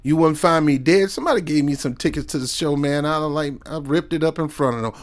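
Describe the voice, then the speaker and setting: A man with a Southern US accent hosting a casual reaction commentary show, animated and preachy. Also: a little high, fast talker. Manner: animated, preachy, sings and mimics.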